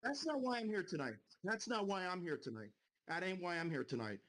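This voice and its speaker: High-voiced man on a profane rant. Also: very animated, fairly quick, fairly bright tone. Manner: angry, profane, repetitive ranting. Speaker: live streamer. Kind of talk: heated live-stream rant.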